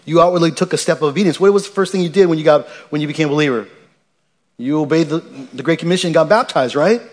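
A man's voice: fairly high pitch, quick pace. A man delivers a sermon from the pulpit in a slightly raised voice. He is earnest and emphatic, often circling back to restart a phrase. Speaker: pastor.

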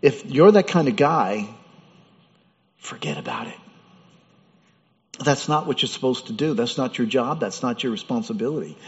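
A man's voice: medium pitch, animated, normal speed, pauses often. A man preaching a sermon as pastor, in a conversational way with rhetorical questions. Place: church. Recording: dull sound with hall reverb.

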